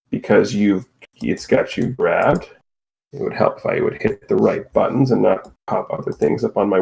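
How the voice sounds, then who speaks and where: A man acting as game master, explaining rules and narrating a tabletop game over a voice call with a relaxed, playful manner. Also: lowish voice, gravelly, poor audio.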